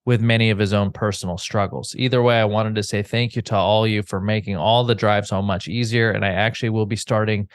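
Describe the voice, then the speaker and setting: A male podcast host reading listener letters aloud, halting and hesitant over names. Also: fairly low pitch, steady tone, clean tone, no echo, studio quality.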